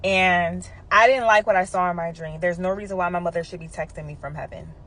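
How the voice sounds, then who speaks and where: A woman's voice: lowish voice, fairly even intonation, a little fast, fairly bright tone. A woman in her thirties, a nurse, telling a personal story casually to camera with frequent asides and check-ins with her audience.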